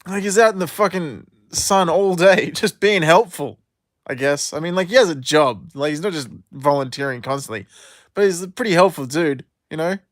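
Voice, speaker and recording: A man's voice: fairly high pitch, moderate pace, dry recording, studio quality. A man in his thirties talking in a rambling, profane solo monologue full of fillers and restarts. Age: 30s.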